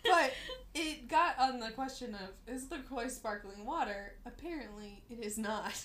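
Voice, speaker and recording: A young woman co-hosting a casual podcast, animated and quick to react with surprise. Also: a little high, roomy sound, slight background noise. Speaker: podcast co-host. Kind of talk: casual chat.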